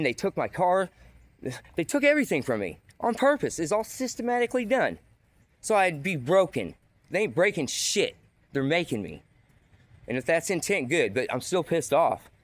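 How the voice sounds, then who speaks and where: A man vents in a heated, accusatory monologue, his voice pitched slightly above the usual. He rants with a restless, aggrieved edge, and vehicle sounds hum faintly behind him. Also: dry recording. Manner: agitated, ranting, accusatory. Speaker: vlogger. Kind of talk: angry monologue to camera.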